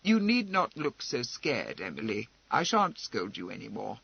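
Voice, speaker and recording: A man voicing a proud, composed noblewoman who speaks in a brisk, wry, commanding way, in an audiobook. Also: medium pitch, huge pitch swings, vocal fry, husky, dry recording, dull audio, pitched below the performer's own voice, full character voice.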